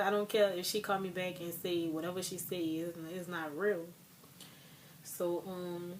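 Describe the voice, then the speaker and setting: A young woman telling a story to her viewers in a loose, rambling way, with lots of filler words and direct asides to her audience. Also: lowish voice. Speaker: vlogger. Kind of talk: casual storytime vlog.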